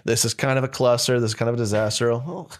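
A man's voice: mid-range voice, very fast. A man from the American South with a Southern accent, joking through made-up folksy sayings in a casual comedy chat. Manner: joking, makes up folksy sayings, lively delivery.

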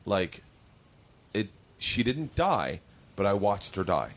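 Profane, animated man telling stories. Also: fairly low pitch, slow pace, slight background noise. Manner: animated, profane, acts out voices in his stories. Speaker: podcast host. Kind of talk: casual storytelling chat.

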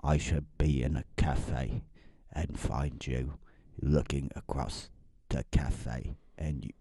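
A man doing the voice of a gentle, proud elderly butler, speaking softly in halting phrases. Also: a bass voice, steady tone, breathy edge, dry recording, clean studio sound, heavily acted. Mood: tender.

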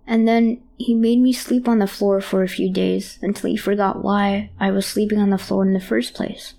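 A woman's voice: mid-range voice, flat delivery, moderate pace, hardly any pauses, warm tone. A woman reading a horror story aloud in a child's hesitant first-person voice. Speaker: narrator. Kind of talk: scripted horror narration.

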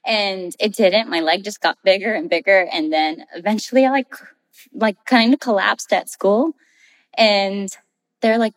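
A woman's voice: mid-range voice, normal speed, in a large hall. A woman guest casually telling a story about herself, laughing often as she talks.

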